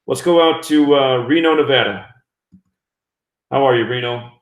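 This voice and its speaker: A man's voice: medium pitch, normal speed. Chatty male call-in radio host. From US West Coast. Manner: chatty, talks through technical trouble aloud. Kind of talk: call-in internet radio talk. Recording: echoey room.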